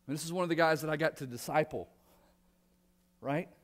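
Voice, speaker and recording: Earnest, fairly high-voiced male pastor. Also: brisk. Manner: earnest, conversational, repeats words and restarts. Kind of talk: sermon. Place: church sanctuary.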